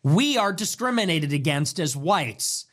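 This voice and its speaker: A talk show host delivers a heated monologue in a lively, up-and-down voice. The talk is profane and emphatic, with phrases repeated for weight. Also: mid-range voice, unhurried.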